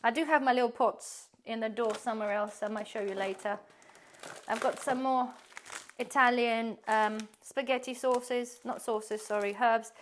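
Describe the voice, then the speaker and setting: Woman, chatty, rambling, fairly high voice, casual home vlog tour. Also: steady tone, normal speed, slight background noise. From UK-based. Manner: chatty, rambling, laughs often. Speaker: prepping vlogger.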